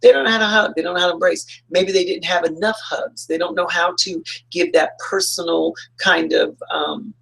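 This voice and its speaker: A man's voice: sits high, animated, brisk, vocal fry, hardly any pauses, a bit bright, breathy edge, poor audio. A man who is a licensed counselor, giving earnest, upbeat advice in an informal motivational talk that rambles with fillers and restarts.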